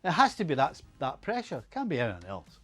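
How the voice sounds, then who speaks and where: A man's voice: on the high side, wildly swooping pitch, quick pace, pushed and bright. An older man with a Scottish accent, a football pundit talking emphatically in casual chat. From Scotland. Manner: emphatic, repeats himself.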